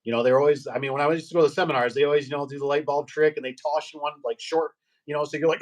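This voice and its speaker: A man's voice: a little high, rapid-fire. Rambling middle-aged man telling shop stories. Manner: rambling, animated anecdotes with acted-out quotes. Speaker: guest, garage door business owner. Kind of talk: casual storytelling chat.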